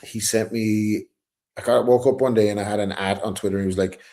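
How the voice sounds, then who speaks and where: A man's voice: lowish voice, steady tone, brisk, dark tone. A middle-aged Irish man telling a story in a casual chat, acting out the quotes and swearing freely. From Ireland. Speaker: guest rapper.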